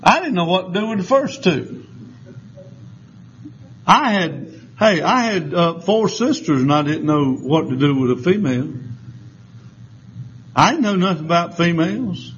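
A man's voice: sits high, animated, measured pace, long pauses, slight background noise. An older man preaching a sermon in church, a folksy, joking storyteller. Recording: slightly dull lo-fi sound.

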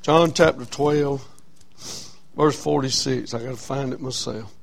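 A man preaching a sermon as a Baptist pastor, telling a story that swings from quiet and low to loud and raised. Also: unhurried, gravelly.

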